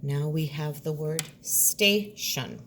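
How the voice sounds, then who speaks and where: Low, slow-speaking woman teacher. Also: noisy background. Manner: slow, deliberate, sounding out words. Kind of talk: recorded classroom lesson.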